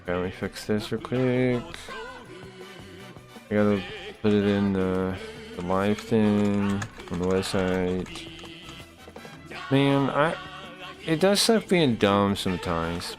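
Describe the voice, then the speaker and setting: A man's voice: lowish voice, expressive, takes it slowly, long pauses, over music. A man streaming live, chatting casually with his viewers in rambling, profane rants that keep breaking off and restarting.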